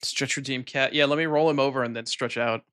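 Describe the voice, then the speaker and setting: A man streaming a video game, chatting casually into a desk microphone and cooing softly to his cat. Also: mid-range voice, steady tone, a little fast, clear, resonant tone. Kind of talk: casual live-stream chat.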